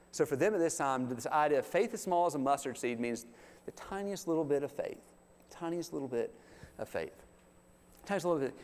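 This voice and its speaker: A man preaching a sermon in a folksy, animated way, acting out the quotes he tells. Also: medium pitch. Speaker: pastor. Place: church sanctuary. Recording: long hall reverb.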